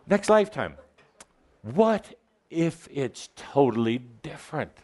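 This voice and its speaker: A man's voice: mid-range voice, wildly swooping pitch, measured pace, slight background noise. A man giving a spiritual channeling talk to a live audience, playful and teasing as he exhorts them.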